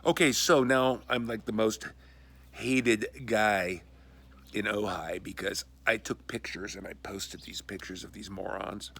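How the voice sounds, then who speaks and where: Angry man ranting, bright voice. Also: fairly even intonation, a little slow, creaky, husky. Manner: exasperated, profane, swings between loud outbursts and low mutters. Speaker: video message maker. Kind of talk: angry personal rant.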